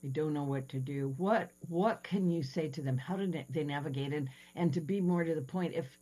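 A woman's voice: low-pitched, dark tone, low-quality recording. A woman hosting a podcast, asking loose, enthusiastic questions with a lot of restarts. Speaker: podcast host. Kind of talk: casual podcast interview.

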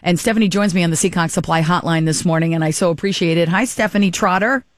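A woman's voice: fairly low pitch, quick pace, dry recording, studio quality. A middle-aged woman hosting a radio talk show, chatting casually and rambling with fillers and restarts.

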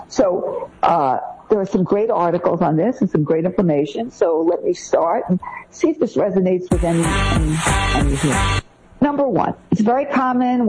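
A woman co-hosting a podcast, giving parenting advice point by point in an animated way. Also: mid-range voice, slightly rough. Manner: animated, lists points one by one. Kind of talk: podcast discussion. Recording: dull lo-fi sound.

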